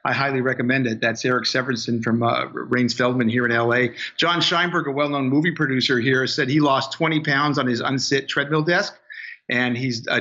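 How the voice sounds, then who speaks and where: A man guesting on a podcast, rambling and salesy as he reads testimonials and talks up his product. His voice sits at a middle pitch for a man. The sound is dull and lo-fi, like a remote line. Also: sharp tone. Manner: rambling, many fillers and restarts, salesy. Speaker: guest, inventor and business owner. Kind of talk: casual interview talk.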